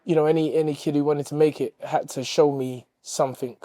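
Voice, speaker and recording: Middle-aged boxing coach, dry sound. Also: male voice, fairly high pitch, fairly even intonation, brisk, mellow, no echo. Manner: earnest, reflective, with playful bickering. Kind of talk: interview and gym banter.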